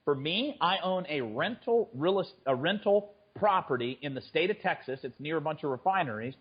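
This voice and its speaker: A man's voice: on the high side, animated, normal speed, slightly rough, dull audio. A man speaking as a trader guest in a conversational interview, often restarting his sentences. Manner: frequent stammered restarts. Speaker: guest, fund manager and trader.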